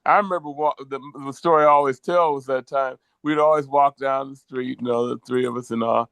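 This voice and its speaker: A man's voice: mid-range voice, steady tone, a little fast, creaky, fairly bright tone, clear, resonant tone, no echo. A middle-aged man co-hosting a casual podcast over a video call, telling rambling, sentimental stories. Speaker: co-host.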